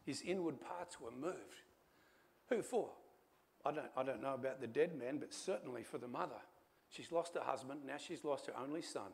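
A man preaching a sermon as pastor, telling a story and swinging from hushed asides to loud calls, with little chuckles along the way. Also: mid-range voice, moderate pace, gravelly.

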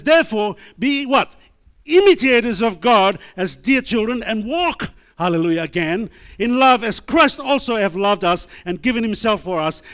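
Emphatic high-voiced male preacher. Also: fairly bright tone. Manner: emphatic preacher, call-and-response, repeated hallelujahs. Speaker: pastor. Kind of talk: sermon.

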